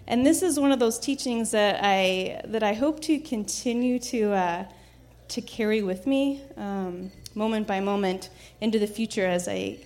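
A woman with a medium-pitched voice tells a personal story casually and reflectively, with frequent fillers, restarts and soft laughs.

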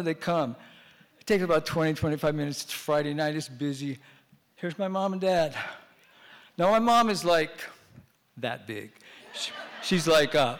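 Middle-aged guy doing a stand-up story, acts out all the voices, kinda high voice, long hall echo.

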